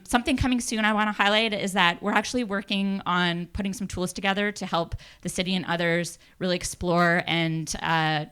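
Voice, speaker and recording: A woman's voice: mid-range voice, fairly bright tone, clean tone. A woman presenting a youth project's findings to a city, thoughtful with many fillers. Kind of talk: public presentation.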